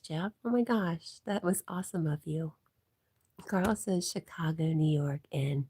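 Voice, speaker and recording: Husky low-voiced woman with a stuffy nose. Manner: chatty, often drops to a soft whisper. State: congested from allergies. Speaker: livestream host. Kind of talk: casual livestream chat, reading viewer comments aloud.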